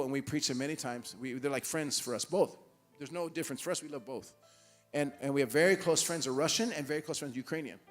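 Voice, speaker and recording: A man preaching a sermon in a church, telling stories and acting out the dialogue with animated restarts. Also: fairly high pitch. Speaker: guest preacher. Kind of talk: sermon with storytelling. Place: church hall.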